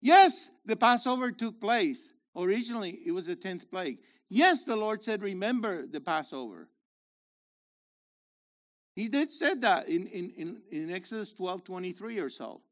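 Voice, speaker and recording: Animated high-voiced male preacher. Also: moderate pace. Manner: animated, rhetorical questions to congregation, rises to emphatic shouts. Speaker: messianic congregation leader. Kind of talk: sermon.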